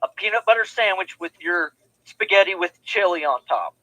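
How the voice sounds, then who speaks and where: A man's voice: high voice, lively intonation, normal speed, pushed and bright, no room sound, rough recording. A man co-hosting a podcast in casual chat, teasing and emphatic. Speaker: podcast co-host.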